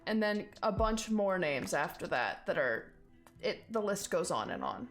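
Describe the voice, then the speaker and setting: A woman's voice: on the low side, sing-song, normal speed, faint music behind. Woman narrating as dungeon master. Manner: casual descriptive narration with many fillers. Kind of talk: narrating a tabletop game.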